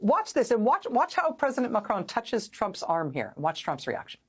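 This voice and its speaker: A woman's voice: a little high, wildly swooping pitch, moderate pace, breathy edge. A woman hosting a news show, delivering sarcastic, incredulous political commentary. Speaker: host.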